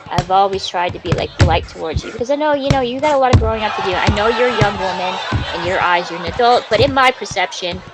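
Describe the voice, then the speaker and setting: A woman's voice: medium pitch, fast, loud music behind the voice, poor audio. Rambling, profane woman in her forties. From Canada. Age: 40s. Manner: rambling, profane, says dude a lot. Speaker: game streamer. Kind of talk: casual live-stream chat while gaming.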